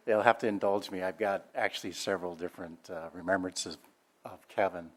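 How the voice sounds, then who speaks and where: A man's voice: low voice, steady tone, brisk. An older man sharing memories of a family member in a chatty, laughing storytelling way, with many fillers. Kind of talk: anecdotal reminiscing speech.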